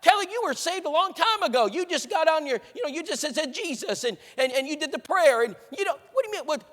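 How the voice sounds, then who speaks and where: A man voicing an angry middle-aged mother who scolds her daughter in high, loud, sputtering outrage. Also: animated, quick pace, big-room sound. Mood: outraged.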